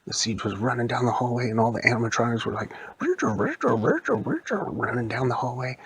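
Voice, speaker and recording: Husky male storyteller, playful and animated, mid-pitched. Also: quick pace. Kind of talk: improvised spoken storytelling.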